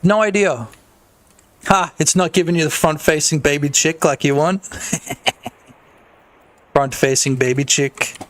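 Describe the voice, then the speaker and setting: Male indie dev streamer, slightly high voice, excitable and profane, loose rambling chat. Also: takes it slowly, long pauses. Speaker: game developer streaming. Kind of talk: casual livestream chat.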